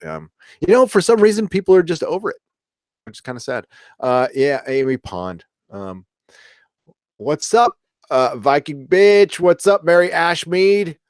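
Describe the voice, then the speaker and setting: A man's voice: medium pitch, no room sound, studio quality. A middle-aged man hosting a casual live stream, reading chat aloud in a rambling way full of fillers and restarts. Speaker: livestream host reading chat.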